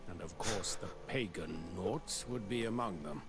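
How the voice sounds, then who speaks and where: A man's voice: lowish voice, a little slow, noisy background, close to an everyday voice. A man voicing a proud, zealous male bishop in a video game, speaking in a stately, sanctimonious way. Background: game music.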